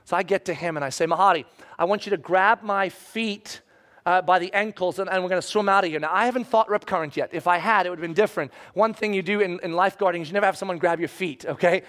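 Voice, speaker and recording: Middle-aged man, high voice, animated storyteller who swings between loud and hushed. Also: quick pace. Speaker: speaker telling a personal story. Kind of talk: storytelling talk to an audience.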